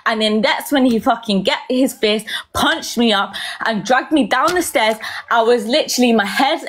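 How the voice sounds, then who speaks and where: A woman's voice: a little high, normal speed. A young woman telling a personal story in a rambling, casual way, swearing often and filling gaps with "um" and "like". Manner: rambling, heavy swearing, frequent fillers. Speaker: vlogger.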